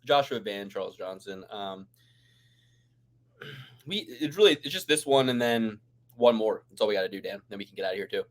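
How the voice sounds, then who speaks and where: A man's voice: lowish voice, animated, normal speed, long pauses. A man co-hosting a fight-picks podcast, talking in a rambling, emphatic way and swearing freely. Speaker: podcast co-host. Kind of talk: casual fight-picks chat.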